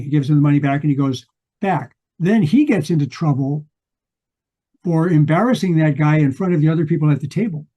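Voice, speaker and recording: A man's voice: a little high, normal speed, warm tone. An older man co-hosting a book podcast, retelling a story in a rambling way with many restarts. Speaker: podcast co-host. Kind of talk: casual book discussion.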